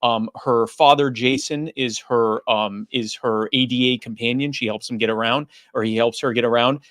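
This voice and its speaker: Man, mid-pitched voice, earnest advocate, lots of ums and restarts, dry sound. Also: fairly even intonation, normal speed, a bit bright, no echo. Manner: earnest, hesitant with many fillers and restarts. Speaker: advocate guest. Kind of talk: livestream panel discussion.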